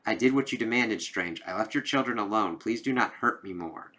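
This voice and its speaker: A man's voice: lowish voice, expressive, fairly quick, sharp tone, low-quality recording. A man reading out the pleading lines of a captured male demon in a plain voice. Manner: begging, pleading read-out.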